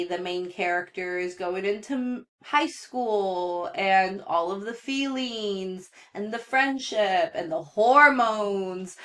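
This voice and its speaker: A young woman hosting a solo pop culture podcast, chatting casually in a gossipy way, swearing and laughing often. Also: mid-range voice. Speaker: podcast host.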